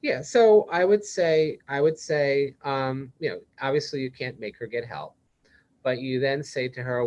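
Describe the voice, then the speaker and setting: A man of ordinary pitch talks through a case study in an easy, conversational manner, speaking as a psychiatrist leading a webinar. He often slips into the voice of a caring manager to show what to say. The sound is that of a video call. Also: normal speed, a little mellow, lo-fi sound. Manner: conversational, role-plays supportive manager lines. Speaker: presenter, psychiatrist. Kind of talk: interactive webinar presentation.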